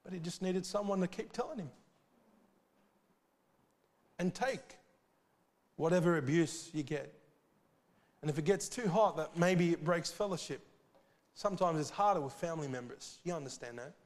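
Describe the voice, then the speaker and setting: A man's voice: a little high, moderate pace, long pauses. Earnest man preaching in a reverberant hall. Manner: earnest, urgent preaching with sudden loud swells and soft drops. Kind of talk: sermon.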